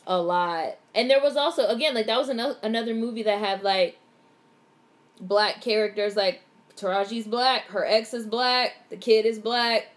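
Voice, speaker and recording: A young woman vlogger giving a casual live movie reaction, excitable and swearing freely as she narrates what happens on screen. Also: on the high side, moderate pace.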